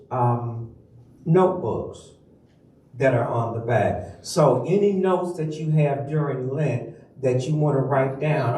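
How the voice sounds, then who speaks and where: A minister preaching a sermon in a church, teaching slowly and emphatically and calling on the congregation to repeat after him. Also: male voice, mid-range voice, darkish tone. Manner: slow, emphatic teaching with call-and-response. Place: church sanctuary. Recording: echoey church from far off.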